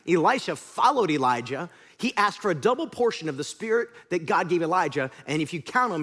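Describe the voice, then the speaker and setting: A man's voice: high-pitched, fairly bright tone. A male pastor preaching a sermon, telling stories animatedly and acting out scenes.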